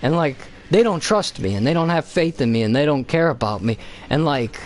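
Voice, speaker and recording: A man streaming a game who rambles through a profane, animated retelling in casual chat. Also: a little high, a little fast, hardly any pauses. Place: home basement.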